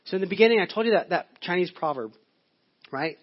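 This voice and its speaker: Higher-voiced man preaching, dull lo-fi sound. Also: expressive, fast. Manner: conversational, storytelling preacher. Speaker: pastor. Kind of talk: sermon. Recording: dull lo-fi audio.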